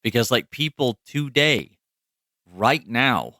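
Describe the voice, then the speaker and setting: A man's voice: medium pitch, animated, slow pace, pushed and bright, no echo, studio quality. A man co-hosting a podcast in casual chat, rambling and profane with lots of fillers. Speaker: podcast co-host.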